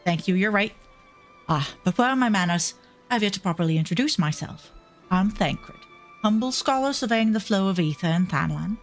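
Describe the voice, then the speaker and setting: A woman's voice: medium pitch, lively intonation, normal speed, soft background music, close to an everyday voice. Thancred, a woman doing a posh British swordsman. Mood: courteous. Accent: posh British, put on. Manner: formal, courtly phrasing. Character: earnest young male swordsman-scholar, courteous.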